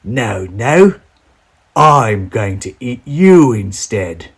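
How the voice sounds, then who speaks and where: A man voicing a wicked, greedy old troll who growls out slow, drawn-out threats in a storybook reading. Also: on the low side, very animated, slightly rough, heavily acted. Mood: menacing. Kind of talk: storybook read-aloud.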